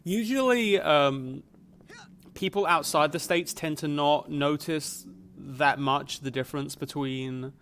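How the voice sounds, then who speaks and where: A man with a softened Essex accent, chatting casually to viewers while streaming a game, rambling with plenty of fillers. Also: on the high side, slow pace, a little hiss or hum. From Essex, England. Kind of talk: casual live gameplay chat.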